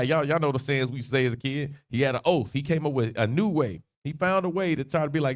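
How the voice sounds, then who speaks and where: A man leads a livestreamed Bible study in relaxed, slang-heavy talk. His voice sits at a middle pitch, and he laughs easily as he acts out the scripture. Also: fast, few pauses. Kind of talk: casual livestreamed Bible teaching.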